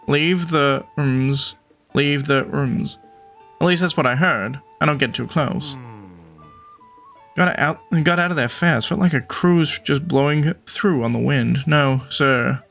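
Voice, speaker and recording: A man's voice: fairly high pitch, slow pace, vocal fry, a bit bright, soft background music, exaggerated voice. A man voicing an eager male bird reporter in a game, friendly and jumpy, who keeps calling the listener partner. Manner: upbeat, calls listener partner.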